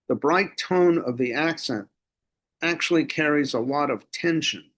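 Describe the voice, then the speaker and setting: An older man lecturing on film in a measured way, with dry asides. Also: mid-range voice.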